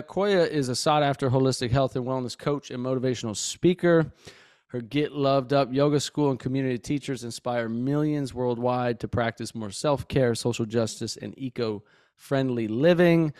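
A man's voice: medium pitch, darkish tone, smooth, dry recording, clean studio sound. A man hosting a podcast, introducing his guest and asking questions in an easygoing way with fillers. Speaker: podcast host.

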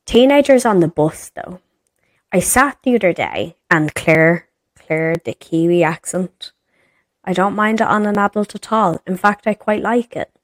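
A woman's voice: medium pitch, lively intonation, a little slow, dry recording. A woman in her thirties with an Irish accent, co-hosting a podcast and ranting in an exasperated, sweary way. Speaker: podcast co-host. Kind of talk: casual chat.

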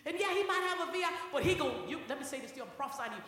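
A woman's voice: sits high, expressive, racing, fairly bright tone. A woman pastor preaching a sermon to her congregation, often stammering and restarting as she talks straight to them. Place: church. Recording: echoey church hall with long reverb.

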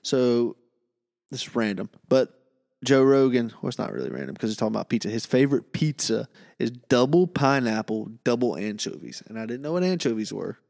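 A man's voice: medium pitch, sing-song, fairly quick, vocal fry, a little mellow, long reverb tail. A young man co-hosting a casual podcast, joking and teasing his partner. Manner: teasing, jokey. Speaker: podcast co-host. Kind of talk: casual chat.

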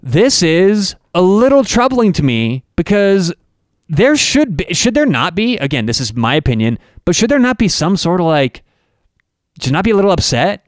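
Animated, emphatic man hosting a podcast. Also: high voice, normal speed, dry recording, studio quality. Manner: emphatic, ranting with rhetorical questions. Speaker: podcast host and network owner. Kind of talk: opinionated podcast monologue.

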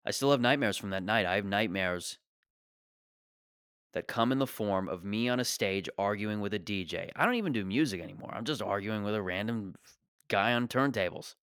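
A young man with a lowish voice rants through a comedy bit. He sounds exasperated, swears freely and pokes fun at himself. The sound is dry and close, with no room around it. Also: lively intonation, brisk, fairly bright tone, smooth, no room sound. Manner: exasperated ranting, profane, self-deprecating. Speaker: stand-up comedian. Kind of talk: stand-up rant.

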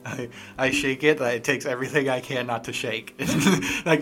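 A male tabletop player chatting casually and joking in character. His voice is bright and lively, sitting at a middle pitch. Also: normal speed, few pauses, soft background music.

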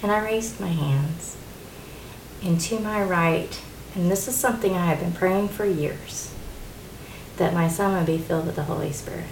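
Woman, middle-aged, gravelly, low-pitched, animated storyteller, echoey room. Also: moderate pace, a little hiss or hum. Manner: storytelling, animated, laughing often. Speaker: co-host. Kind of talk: casual faith talk.

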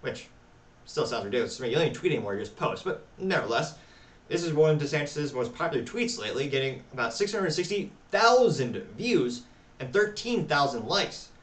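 A man hosting a talk show, reading social media replies aloud with wry, deadpan asides. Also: on the high side, fairly quick, roomy sound, far from the mic. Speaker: podcast host.

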